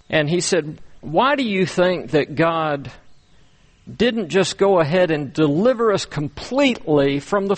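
A man delivering a sermon at an unhurried, measured pace, pausing often and repeating words for emphasis. His voice sits slightly higher than most men's. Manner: slow, deliberate preaching with many pauses and repeated words. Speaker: pastor.

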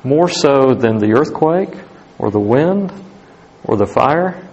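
Gravelly, husky pastor preaching a sermon. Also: male voice, slow pace, lo-fi sound. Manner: animated, rising to emphatic highs then dropping to hushed tones.

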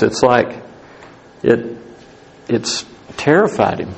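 A man preaching a sermon as pastor, animated, rising to emphatic highs and dropping to hushed tones. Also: a little slow, long pauses, a little hiss or hum, rough recording.

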